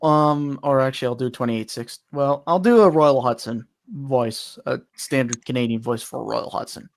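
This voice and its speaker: A man's voice: medium pitch, normal speed, creaky. A man chatting casually and eagerly, explaining his points with examples. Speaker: voice actor. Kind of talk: casual chat.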